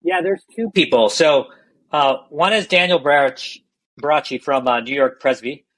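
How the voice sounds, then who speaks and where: A man's voice: a little high, moderate pace, a bit bright, low-quality recording. A middle-aged man, a healthcare executive, candidly telling stories in a podcast interview and often restarting his phrases.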